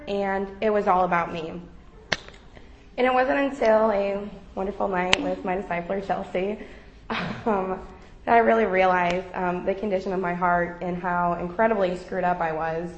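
A woman's voice: medium pitch, muffled recording, slight background noise. A young woman sharing a personal faith testimony with a group, talking casually with many fillers. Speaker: member giving a testimony. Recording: roomy echo.

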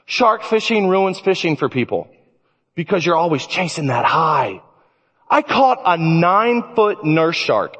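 A man preaching a sermon, telling stories in an animated way. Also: sits high, husky. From Illinois. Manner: animated storytelling. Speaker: pastor. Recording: reverberant church hall.

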